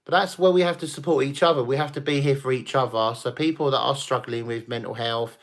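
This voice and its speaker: A man's voice: medium pitch, steady tone, quick pace. A man hosting a casual late-night livestream, rambling, swearing and laughing as he chats with viewers after a few drinks. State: tipsy from drinking. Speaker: livestream host.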